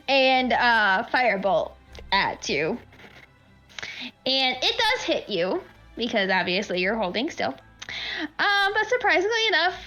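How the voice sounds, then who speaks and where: A woman narrating as game master of a tabletop game, rambling with lots of fillers and quick to laugh. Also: high-pitched, bright, forceful tone, muffled recording.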